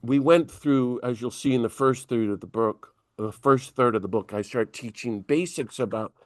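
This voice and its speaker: A man's voice: medium pitch, normal speed, no room sound. Priest guest, male, spins stories and acts out dialogue, voice in a middle register. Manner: animated storyteller who acts out dialogue. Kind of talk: conversational storytelling.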